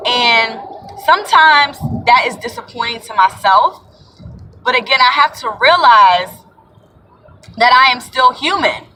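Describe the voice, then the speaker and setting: A young woman talks straight to her viewers about spirituality, earnest and rambling, her voice bright and fairly high. She sits a little back from the mic, and faint ambience hums underneath. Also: animated, measured pace, distant mic, slight background noise, low-quality recording. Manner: earnest, rambling, uses y'all and sis. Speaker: spiritual vlogger. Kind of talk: casual spiritual talk to camera.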